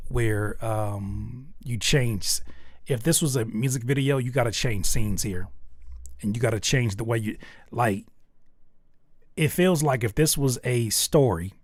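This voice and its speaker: A man hosts a music review livestream in a loose, casual commentary style. His feedback is blunt and full of slang and jokes, and he keeps jumping from a normal talking voice up to loud, excited shouts. The sound is dry and close, with no room echo. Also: medium pitch. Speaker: host reviewing submitted music.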